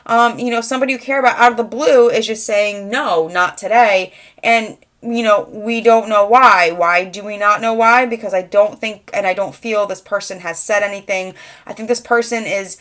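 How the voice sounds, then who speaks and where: A woman's voice: mid-range voice, fairly even intonation, normal speed, fairly bright tone. A young adult woman giving a rambling, conversational channeled tarot reading, full of fillers. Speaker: tarot reader.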